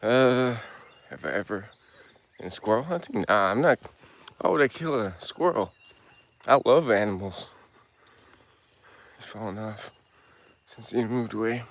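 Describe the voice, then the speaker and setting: A man's voice: fairly low pitch, lively intonation, a little slow, pauses often. A man out of breath, hiking a hilly trail outdoors and chatting casually as he answers live chat. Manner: breathless, laid-back, answers chat questions aloud.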